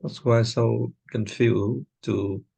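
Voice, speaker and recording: A woman student in a pronunciation lesson, hesitantly repeating words slowly to try them out. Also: very deep voice, steady tone, gravelly, warm tone, slightly rough.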